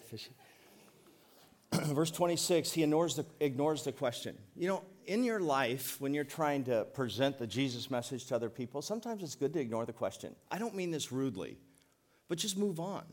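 A middle-aged man preaching a sermon as pastor, folksy and joking, leaning on words by slowing down. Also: on the high side, expressive. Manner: folksy, joking, emphatic preaching with slowed stresses.

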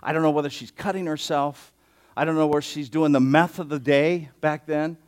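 A man's voice: a little high, steady tone, moderate pace. A man preaching an expository sermon as a pastor, conversational and given to joking asides.

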